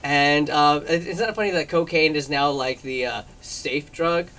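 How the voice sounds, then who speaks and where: A man's voice: fairly high pitch, moderate pace, a bit bright, recorded from a distance, slight background noise. Chatty, laughing male talk show guest. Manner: chatty, laughs often, acts out quotes. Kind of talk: gossipy storytelling in conversation. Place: public access TV studio.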